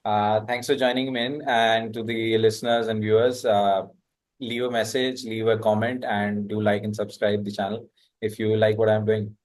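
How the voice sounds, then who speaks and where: Brief: podcast host, man with a lowish voice, halting delivery full of fillers. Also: little pitch movement, a little mellow. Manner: hesitant, many "uh" fillers. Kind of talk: interview hosting.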